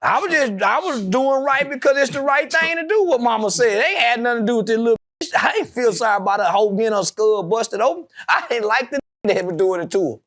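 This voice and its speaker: A man's voice: extremely high pitch, lively intonation, fast, few pauses, a bit bright. A man, talking brashly and profanely as an interview guest, rambling from point to point. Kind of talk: casual interview talk.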